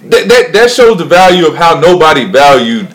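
A man's voice: fairly high pitch, sing-song, moderate pace, low-quality recording. Rambling man co-hosting a chat. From Charlotte, North Carolina. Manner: rambling, laughs often, restarts. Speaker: podcast co-host. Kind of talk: casual chat.

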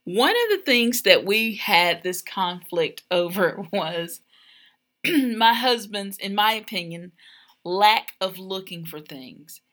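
Bright, expressive married woman. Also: mid-range voice, slow. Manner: warm, laughing, expressive storyteller. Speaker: podcast co-host. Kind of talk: casual chat about marriage.

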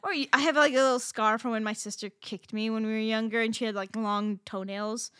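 A woman co-hosting a podcast, telling a story in casual chat, animated and swearing freely with lots of fillers. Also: fairly high pitch, fairly quick, smooth, no echo, clean studio sound. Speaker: podcast co-host.

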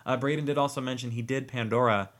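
A man's voice: mid-range voice, fairly even intonation, fast talker, fairly bright tone. A man co-hosting a podcast in casual chat, rambling and joking, often breaking off mid-sentence. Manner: rambling, self-interrupting, joking. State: warm and sweaty, fanning himself. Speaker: podcast co-host.

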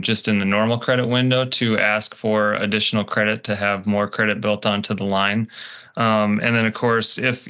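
A man with a low, bright, smooth voice explains things patiently, step by step, in a fairly flat tone. He pauses often on ums. The sound is dull and lo-fi, as on a video call. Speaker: presenter answering pilot questions. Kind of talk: explanatory meeting Q&A.

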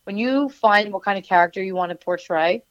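A woman's voice: mid-range voice, a little fast, dry recording, dull audio. A woman from New Jersey with a New Jersey accent, a wrestler and manager who answers in a rambling, chatty way full of fillers and restarts. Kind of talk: casual interview answers.

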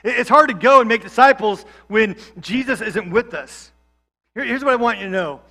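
A man gives a sermon in a high, bright voice. He preaches in a loose, conversational way and slips in jokes and asides. He is a pastor who grew up in Georgia. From Georgia, USA.

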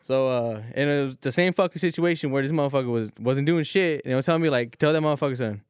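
A man telling a work story in casual chat, profane and animated with quoted lines. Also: medium pitch, quick pace, smooth, dry recording, clean studio sound. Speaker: warehouse lead.

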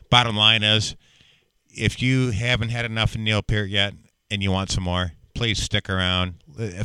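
A man's voice: low-pitched, bright, forceful tone, smooth, no echo. A man co-hosting a casual talk show, chatty and laughing often. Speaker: podcast co-host. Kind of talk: casual chat.

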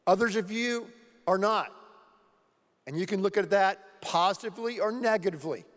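A man's voice: sits high, moderate pace. A man preaching a sermon to his church as pastor, earnestly repeating key words for emphasis. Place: church sanctuary. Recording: long hall reverb.

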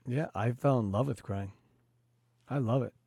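A man's voice: medium pitch, moderate pace, vocal fry, dark tone, husky, no echo, clean studio sound. A man hosting a podcast, talking in an earnest, reflective way with plenty of "you know" fillers. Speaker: podcast host. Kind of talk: casual podcast conversation.

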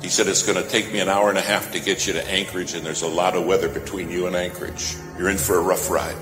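A man's voice: low voice, little pitch movement, fast. Male preacher, dramatic storyteller, long-reverb hall with music underneath. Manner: dramatic storytelling, swelling emphasis. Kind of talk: sermon. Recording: echoey hall with music behind.

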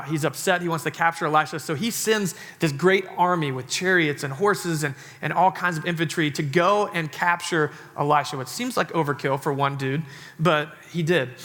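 A man in his thirties preaches to his congregation in a church, loose and joking and full of "like" fillers. His voice sits a little high and rings bright and forceful. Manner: chatty, joking sermon delivery with many "like" fillers. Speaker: pastor. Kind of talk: sermon. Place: church sanctuary.

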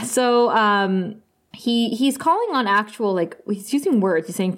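A woman's voice: a little high, sing-song, takes it slowly. A woman co-hosting a podcast, recapping an episode in casual chat, loose and chatty with frequent fillers. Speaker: podcast co-host.

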